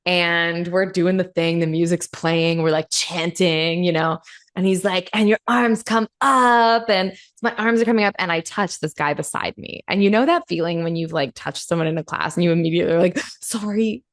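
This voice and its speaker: Woman podcast host, slightly low voice, animated storyteller who acts out quotes and swears casually. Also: fairly quick.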